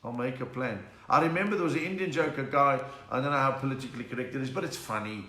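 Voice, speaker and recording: Chatty South African comedian, echoey room. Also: male voice, mid-range voice, fast talker, bright, forceful tone. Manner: chatty, punning, reads out viewer names. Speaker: comedian hosting a live stream. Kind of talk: casual joke-telling live stream.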